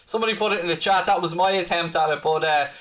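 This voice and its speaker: Upbeat high-voiced man chatting. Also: fast, a bit bright. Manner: chatty, upbeat, reads out viewer comments. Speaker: fan channel host. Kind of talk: live-stream fan chat.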